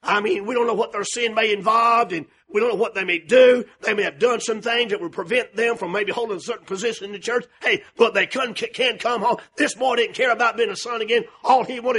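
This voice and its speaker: A man preaching a sermon, folksy and fervent, dropping to a hush and then rising to a shout. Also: sits high, brisk, few pauses, husky. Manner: fervent, swings from hushed to shouting; folksy, calls out to the congregation.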